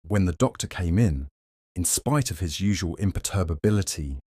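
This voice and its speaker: A man narrating a classic short story aloud in a measured, even storytelling manner. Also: low-pitched, breathy edge, no room sound, studio quality.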